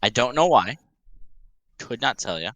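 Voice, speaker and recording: Bright-voiced man running a tabletop game. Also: mid-range voice, very animated, a little slow, no echo. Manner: laid-back, swears casually. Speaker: game master. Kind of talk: casual chat during an online tabletop game.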